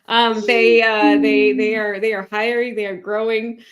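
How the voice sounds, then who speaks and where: A woman's voice: mid-range voice, flat delivery, unhurried. A woman co-hosting a casual chat, teasing and encouraging her co-host and guest.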